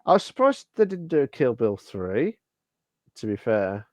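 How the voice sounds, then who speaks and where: A man's voice: medium pitch, sing-song, measured pace, a little mellow, no room sound. A man co-hosting a live-streamed podcast, talking casually with many fillers and restarts. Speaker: podcast co-host.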